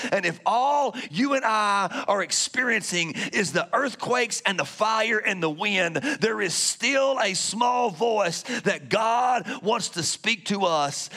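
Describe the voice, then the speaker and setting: A man preaching a Pentecostal sermon, calling out to the congregation and swinging from loud shouts to hushed whispers. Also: high-pitched, expressive, slow pace, few pauses. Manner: calls out to congregation. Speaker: pastor.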